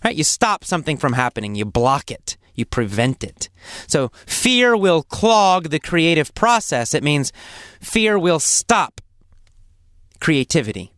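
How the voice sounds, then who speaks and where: A man teaching English vocabulary, explaining words slowly and patiently, repeating phrases and acting out examples. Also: a little high, sing-song, fairly bright tone, dry recording, studio quality. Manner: acts out coughs and sample phrases.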